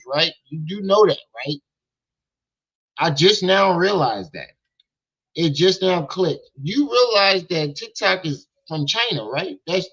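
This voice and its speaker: A man's voice: high-pitched, bright, forceful tone, highs cut off. A man hosting a reaction stream who mocks and questions what he hears in disbelief. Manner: mocking, incredulous, repetitive questions. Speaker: reaction channel host. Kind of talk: mocking reaction commentary.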